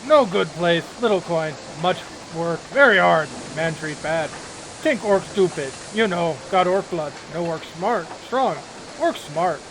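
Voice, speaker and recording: Man doing a gruff, loud orc laborer. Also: high voice, lively intonation, a little slow, background noise. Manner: broken clipped grammar, blunt short phrases. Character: downtrodden male orc factory laborer, gruff.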